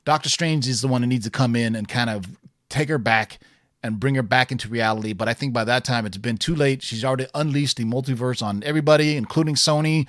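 A man's voice: medium pitch, fast, fairly bright tone, dry recording, studio quality. A man co-hosting a casual chat, enthusiastic and rambling, full of fillers and restarts. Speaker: podcast co-host.

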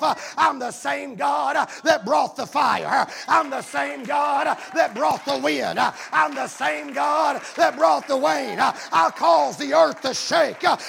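A man pastor preaching a sermon, filling pauses with "uh" and swinging from shouting to near whispers. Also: very high-pitched, vocal fry, husky. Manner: shouting preacher with many "uh" fillers, swings from yelling to hushed.

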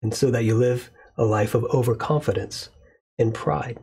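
Husky-voiced man preaching a measured sermon. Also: mid-range voice, darkish tone. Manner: measured preaching, slows and stresses key words. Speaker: pastor.

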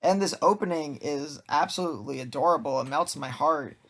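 Gravelly man with teasing dry humor. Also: on the high side, fairly quick, a bit bright. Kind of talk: casual chat about anime.

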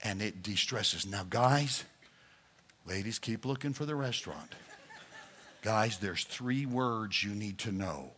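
A man's voice: lowish voice, lively intonation, slow pace, a bit bright, slightly rough. A male pastor preaching a sermon, addressing the congregation directly in a playful coaching manner.

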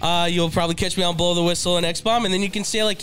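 A man co-hosting a casual sports podcast, rambling and animated, laughing often. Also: high-pitched, fast talker, soft background music. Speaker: podcast co-host.

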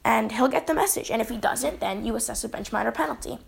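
A woman's voice: on the high side, quick pace, gravelly, breathy edge. A woman, a hockey referee, telling stories and giving advice in a chatty way, often saying "basically" and "right?". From British Columbia, Canada. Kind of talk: casual advice storytelling.

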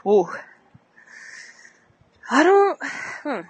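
A young woman from Benin, a tennis coach, chatting lively in an interview, a little out of breath and laughing often. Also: high-pitched, drawn-out words, dull audio. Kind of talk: casual interview chat.

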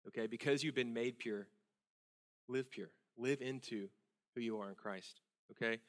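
A man in his thirties preaching a sermon in a church, telling stories with earnest feeling and dropping to a hushed intensity. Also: medium pitch, normal speed, long pauses. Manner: earnest, emotional storytelling, drops to hushed intensity. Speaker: pastor. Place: church sanctuary.

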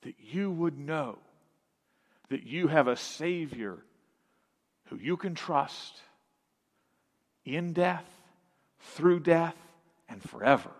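A man preaching a sermon as pastor, emphatic, with dramatic pauses, dropping to a hush and then swelling again. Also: a little high, expressive. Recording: long reverb of a large hall.

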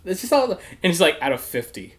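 A man's voice: fairly high pitch, brisk. Laughing young man telling a story. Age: young adult. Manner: laughing often, swearing, animated storytelling. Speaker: podcast host. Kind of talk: casual storytelling chat.

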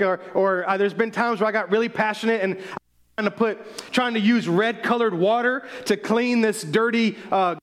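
A middle-aged male pastor preaching in a church, his voice riding high for a man. He speaks with real passion and swells toward near shouting as he drives his points home. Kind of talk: sermon. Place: church sanctuary.

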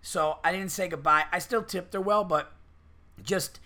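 Bright-voiced, profane storytelling man. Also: high-pitched, moderate pace. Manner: profane, rambling storytelling with acted-out quotes. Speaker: podcast host. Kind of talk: casual podcast chat.

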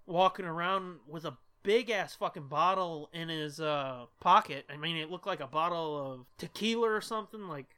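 A man's voice: a little high, normal speed, few pauses, pushed and bright, clear, resonant tone. A man co-hosting a podcast, rambling through a story with lots of swearing and laughter. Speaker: podcast co-host. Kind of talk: casual storytelling chat.

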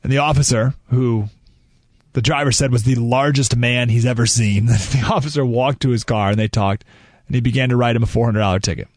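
A man hosting a talk radio show, speaking in an animated, ranting monologue that often interrupts itself. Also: mid-range voice, brisk, dry recording. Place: radio studio. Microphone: studio mic.

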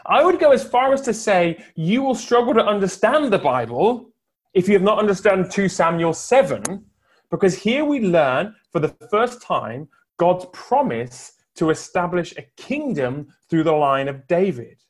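A man's voice: sits high, sing-song. A man preaching a sermon from home for an online service, building his points with emphatic, rhetorical repetition. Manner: emphatic, rhetorical build-ups with long pauses. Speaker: pastor.

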